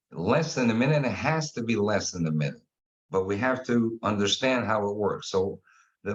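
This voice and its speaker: Man, animated storyteller, casual guest chat, muffled sound. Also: on the low side. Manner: animated storyteller, acts out quotes. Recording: dull lo-fi sound.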